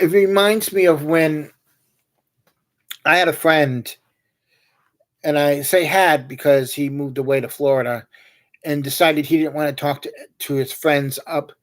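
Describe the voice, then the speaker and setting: Slow, joking man with a highish voice. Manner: joking, anecdotal, meandering. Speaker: livestream host. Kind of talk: casual rambling chat.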